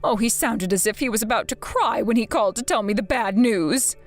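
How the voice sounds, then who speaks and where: A woman voicing a whiny, manipulative older mother who pleads and guilt-trips in an animated story. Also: a little high, fairly quick, soft background music, lightly acted. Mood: self-pitying.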